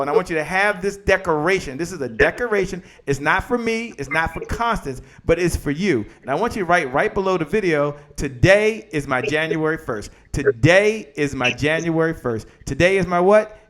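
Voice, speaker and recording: A man's voice: on the high side, brisk, hardly any pauses. Fired-up man hosting a motivational show. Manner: energetic, repetitive, preacher-like chanting. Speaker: host.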